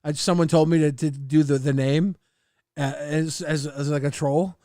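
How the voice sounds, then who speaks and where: Man, middle-aged, show host, storytelling, high pitch, dry close sound. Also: fairly even intonation, normal speed, mellow, dry recording. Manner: storytelling, laughs through anecdotes. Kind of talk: casual chat reacting to old clips.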